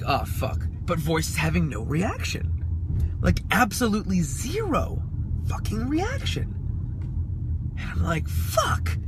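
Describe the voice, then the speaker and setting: High, bright-voiced man telling a story. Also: vocal fry, a little hiss or hum. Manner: animated, profane storyteller. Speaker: podcast co-host. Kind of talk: casual storytelling chat.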